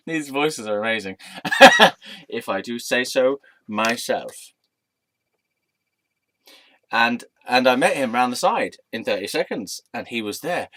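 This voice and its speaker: A man's voice: mid-range voice, animated, measured pace, bright, forceful tone, slight background noise. A man telling a casual storytime monologue in a rambling, playful, self-amused way. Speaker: vlogger.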